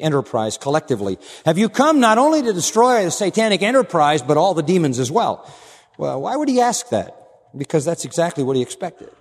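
Emphatic preacher in a reverberant hall. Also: male voice, darkish tone. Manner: emphatic, swinging from low asides to raised declarations. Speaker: pastor. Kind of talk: expository sermon.

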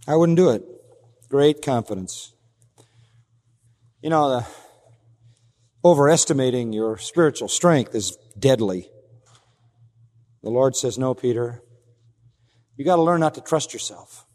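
A man's voice: mid-range voice, lively intonation, measured pace, long pauses, a little mellow, long reverb tail. A man preaching an expository sermon as pastor, emphatic, acting out quoted lines in a raised voice.

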